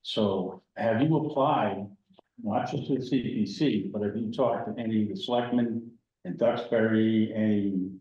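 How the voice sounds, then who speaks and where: A man's voice: fairly low pitch, moderate pace, far from the mic, dull audio. Blunt Boston man in echoey meeting room. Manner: blunt, opinionated, repeats points. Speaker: committee member. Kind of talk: town meeting discussion.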